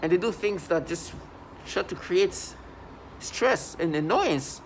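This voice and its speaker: A man's voice: sits high, animated, unhurried, a little hiss or hum. A man talking to his camera in an agitated, indignant monologue, stopping and restarting often. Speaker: vlogger.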